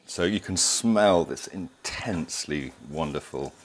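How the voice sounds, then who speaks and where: Chatty deep-voiced man cooking. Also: lively intonation, unhurried, a little hiss or hum. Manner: chatty, digressive, enthusiastic. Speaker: cooking show host. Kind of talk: casual cooking demonstration. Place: home kitchen.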